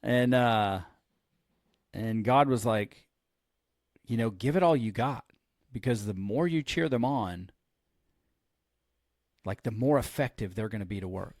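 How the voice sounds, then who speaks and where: A man's voice: mid-range voice, measured pace, pauses often, no echo, clean studio sound. A man who is a pastor and podcast host, telling a story in casual chat and acting out the lines of the people in it. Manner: animated storyteller who acts out quoted lines.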